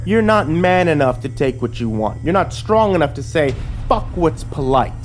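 A man's voice: fairly high pitch, sing-song, moderate pace, faint music behind, pitched above the performer's own voice. A man doing a sneering cruel sheriff. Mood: contemptuous. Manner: mocking, contemptuous drawl. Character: sneering cruel middle-aged male sheriff. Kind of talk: horror story narration.

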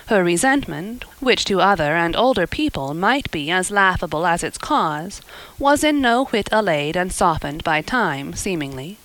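A woman narrating a classic storybook in a measured, expressive reading. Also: fairly low pitch, dry recording, rough recording. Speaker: audiobook reader. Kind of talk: scripted narration.

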